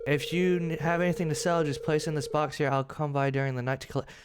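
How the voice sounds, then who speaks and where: A man's voice: fairly high pitch, flat delivery, fast talker, noisy background, natural voice. A man reading aloud the lines of a cheerful middle-aged male town mayor in a game, in a mock-formal tone. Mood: polite.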